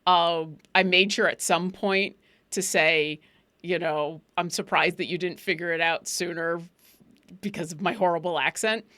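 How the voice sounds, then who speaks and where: A woman's voice: lowish voice, fairly even intonation, measured pace, sharp tone. Woman, tabletop actor, casual rambling chat, lots of ums. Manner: rambling, many fillers and restarts. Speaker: actor and player on a tabletop show.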